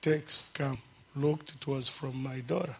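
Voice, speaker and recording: A middle-aged man giving an emotional testimony at a church service, halting and fervent, breaking into praise. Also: medium pitch, steady tone, husky.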